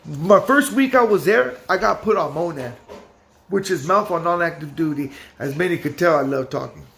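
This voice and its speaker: A loud young man, casually telling his own story in street slang and acting out what people said. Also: fairly high pitch, normal speed, vocal fry.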